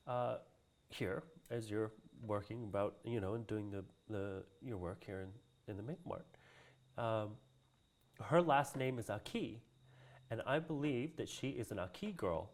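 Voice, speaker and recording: Speaking unhurriedly in a voice on the low side, this man tells a story during a casual interview. He's a cultural practitioner from Hawaii appearing as a guest, and he laughs often and mimics the voices of those he quotes.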